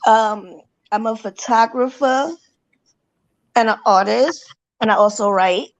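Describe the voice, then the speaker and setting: A woman in her thirties from New York introducing herself on a video call, measured and brief. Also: on the high side, dry recording. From New York, USA. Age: 30s.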